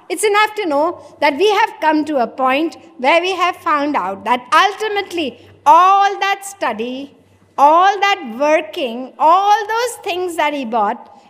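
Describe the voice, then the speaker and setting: High-voiced woman giving a spiritual discourse. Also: fairly bright tone. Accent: Indian English. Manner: questioning, acts out dialogues with listeners. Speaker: spiritual teacher. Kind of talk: religious discourse. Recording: long hall reverb.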